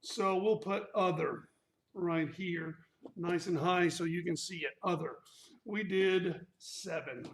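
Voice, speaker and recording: High-voiced, slow-paced male martial arts instructor. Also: slight background noise. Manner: playful, corny puns, chatty asides. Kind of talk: live workout class, counting reps aloud. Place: echoey martial arts studio. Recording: echoey room.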